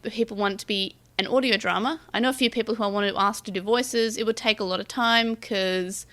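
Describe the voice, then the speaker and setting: A woman's voice: mid-range voice, a bit bright. A woman co-hosting a fan podcast in casual chat, often restarting her sentences. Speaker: podcast co-host.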